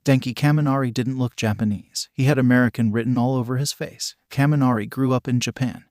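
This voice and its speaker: A man narrating a fan story in a plain, even reading voice. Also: mid-range voice, a little fast, dry recording, studio quality.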